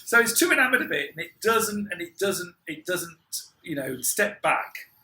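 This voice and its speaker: Lively high-voiced man in an echoey room. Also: moderate pace, slight background noise. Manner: rambling, lots of restarts, laughs often. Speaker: podcast co-host. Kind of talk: casual film review chat.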